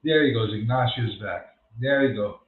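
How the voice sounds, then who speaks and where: A man's voice: medium pitch, moderate pace. A man hosting an unscripted livestream, rambling and ranting and repeating himself as he goes. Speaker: livestream host. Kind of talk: unscripted live-stream monologue. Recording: tinny echoey phone-like sound.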